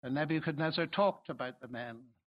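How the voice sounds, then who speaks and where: A man with a high voice preaches a sermon in an emphatic, swelling way. The recording is dull and lo-fi. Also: brisk. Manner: emphatic, swelling to loud exclamations.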